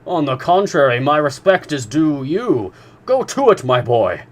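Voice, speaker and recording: A man's voice: medium pitch, moderate pace, close to an everyday voice. A man reading a novel aloud, voicing a learned professor who speaks emphatically and exclaims. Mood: emphatic.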